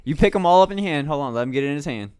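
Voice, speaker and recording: A high-pitched man hosting a casual chat. His pitch swings a lot as he groans and exclaims through a hot food challenge. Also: expressive, rapid-fire, a little mellow. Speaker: podcast host.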